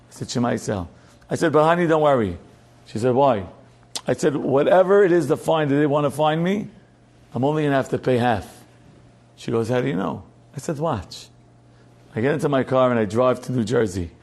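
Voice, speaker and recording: A middle-aged man giving a Torah class as a rabbi, telling a story with loud emphatic peaks and quiet asides. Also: mid-range voice, animated, a little fast, long pauses.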